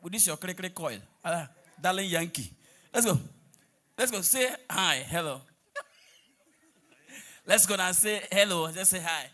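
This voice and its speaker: Nigerian male stand-up, lively swooping delivery, teasing crowd work with pidgin asides. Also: high-pitched, measured pace, pauses often. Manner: teasing, mixes pidgin, breaks into song. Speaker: comedian on stage.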